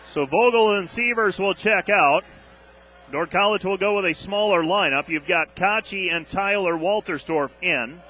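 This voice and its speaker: Guy doing radio play-by-play for hoops, fast calls, gets fed up with the refs, sharp bright tone. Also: high voice, a little hiss or hum. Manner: rapid play calls that surge loud on big plays, openly exasperated at the refereeing. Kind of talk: basketball play-by-play commentary.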